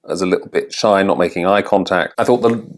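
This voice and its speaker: This is an Englishman with a fairly low voice who coaches people on their accents. He narrates his vlog in a reflective, open way and pokes fun at himself now and then. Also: quick pace. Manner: thoughtful and candid, with self-deprecating humour.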